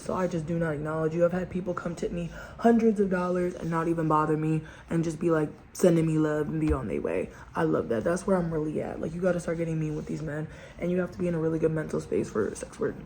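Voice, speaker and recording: Poor audio and slight background noise mark this clip of a woman with a fairly low voice. Vlogging from home with a propped-up camera, she tells a chatty storytime, ranting and laughing while speaking to her viewers in slang.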